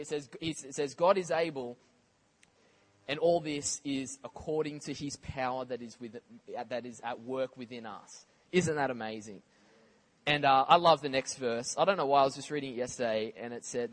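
A man preaching a sermon in a conversational, animated way, with casual asides to the congregation. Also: medium pitch.

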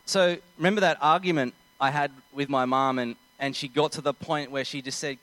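A man's voice: on the high side, fairly even intonation, fairly quick, hardly any pauses, fairly bright tone, no echo, poor audio. A young man preaching a sermon in an earnest, conversational way, acting out little scenes as he goes.

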